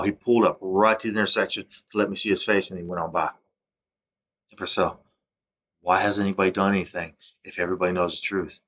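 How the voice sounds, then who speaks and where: A man with a very low, deep voice talks straight to camera in a long, rambling monologue. He sounds agitated and keeps restarting his sentences, and his voice swings from a low mutter up to loud bursts. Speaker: vlogger.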